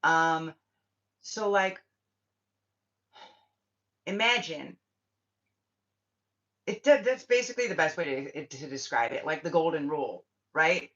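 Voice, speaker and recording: Over dull, lo-fi livestream sound, a spiritual host talks to her viewers in a blunt, swearing rant. Her voice is low and a bit bright, moving slowly with long pauses in casual chat.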